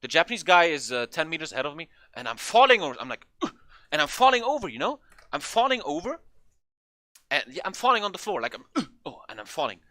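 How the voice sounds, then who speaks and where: A young man telling a funny story in a casual, animated way, swearing often and acting out what people said. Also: on the high side, fast, no echo. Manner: animated, swearing, acts out quotes in a raised voice. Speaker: vlogger.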